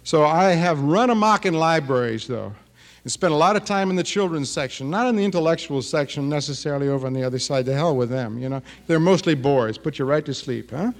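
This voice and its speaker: A man in his fifties speaks to an audience with a fairly high voice. He is animated and feisty, and he keeps tossing a challenging "huh?" at his listeners. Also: a little fast. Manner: animated, feisty, tags "huh?" after remarks. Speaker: writer giving a talk. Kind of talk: lively speech to an audience.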